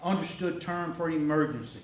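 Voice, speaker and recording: Man presenter, high voice, folksy how-to talk to a club, caught from across an echoey room. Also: moderate pace, a little hiss or hum. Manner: folksy, conversational, checks in with "okay?" and "right?". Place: meeting room. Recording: echoey room recorded from far off.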